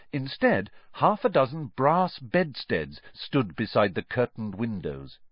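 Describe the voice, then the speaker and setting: A man narrating an audiobook in an expressive storytelling manner. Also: on the low side, breathy edge, no echo. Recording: dry, slightly muffled.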